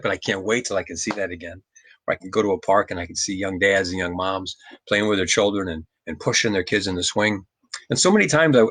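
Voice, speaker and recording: A middle-aged man giving a reflective motivational talk on mindfulness, gentle and earnest, often repeating his phrases. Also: lowish voice, husky, dry recording. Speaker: mindfulness speaker.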